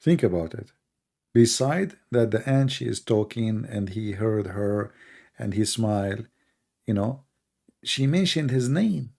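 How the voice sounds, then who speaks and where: Man, gravelly voice, blunt mocking host, worn from talking, quick Arabic recitation. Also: lowish voice, lively intonation, a little mellow. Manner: mocking, blunt, lectures and quizzes the guest. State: tired voice from long talking. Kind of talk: argumentative debate on a call.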